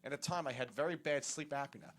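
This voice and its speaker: A man's voice: a little high, quick pace, a bit bright, slight background noise. A man telling a long, rambling, profane story in casual podcast chat, laughing as he goes. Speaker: comedian podcast co-host.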